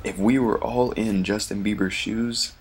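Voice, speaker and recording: A man's voice: lowish voice, steady tone, a little slow. A man giving casual, rambling gameplay commentary, chatty and full of ums, chuckling often.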